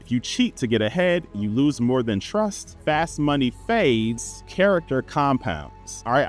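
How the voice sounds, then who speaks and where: A young adult man hosting a talk show, reading principles aloud and riffing on them in a preachy, casual way. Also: mid-range voice. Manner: preachy, reads principles then riffs with scripture. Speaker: host.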